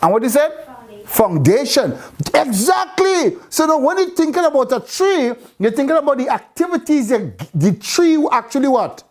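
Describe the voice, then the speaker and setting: A woman's voice: high voice, big pitch swings, normal speed, few pauses, a little mellow. A woman teaching a Bible class, repeating phrases and quizzing her students with questions. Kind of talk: interactive scripture class.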